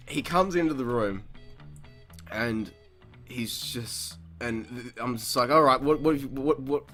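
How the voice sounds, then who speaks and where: Over faint background music, a young man who hosts a podcast tells a story in a casual, chatty way, using a mid-range voice at a moderate pace. His delivery is profane, he laughs often, and he performs quotes loudly.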